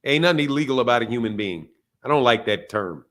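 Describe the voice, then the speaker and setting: A man hosting a boxing channel, delivering a loud, profane, fired-up rant in casual stream talk, laughing between points. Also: mid-range voice, expressive, fast talker.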